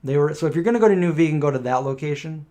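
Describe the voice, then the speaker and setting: A man's voice: fairly high pitch, very fast, mellow. Middle-aged man rambling through stories. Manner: rambling anecdotal storytelling, acting out quoted voices. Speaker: live stream host answering viewer questions. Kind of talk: casual live Q&A chat.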